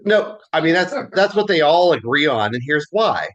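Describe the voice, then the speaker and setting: A man's voice: fairly high pitch, moderate pace, muffled recording. A man with a Southern US accent leading a casual class discussion, telling stories and laughing often. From American South. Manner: animated storyteller, laughs often. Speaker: Bible class teacher.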